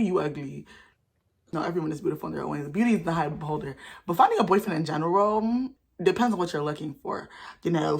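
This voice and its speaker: A young woman, telling stories to camera in a casual vlog in an animated, sassy way. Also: gravelly, husky. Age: young adult. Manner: animated, sassy, talks fast with sudden jumps in pitch. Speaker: vlogger.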